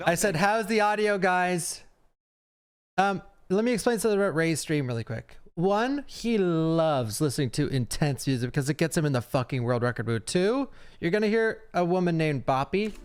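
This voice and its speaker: A man's voice: fairly high pitch, lively intonation, smooth. A young man streaming, chatting casually through a reaction to a speedrun with lots of fillers. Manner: chatty, fast asides, frequent fillers.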